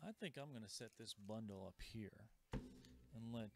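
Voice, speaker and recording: A man hosting a live comic shop sale, chatting casually and pitching items with asides. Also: normal speed, creaky, noisy background. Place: comic store. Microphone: livestream camera mic.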